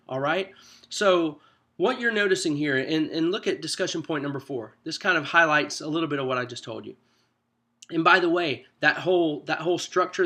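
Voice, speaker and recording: A man with a slightly high voice talks group leaders through a handout in a relaxed, chatty way. He teaches conversationally, stumbling and restarting now and then but keeping a lively stress on his points. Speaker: church small group coach. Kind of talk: casual coaching talk.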